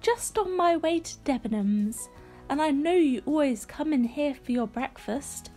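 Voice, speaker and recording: A woman's voice: high-pitched, expressive, unhurried, dark tone, faint music behind, pitched above the performer's own voice. A woman voicing a pushy, cheery middle-aged mother, trilling and gushing.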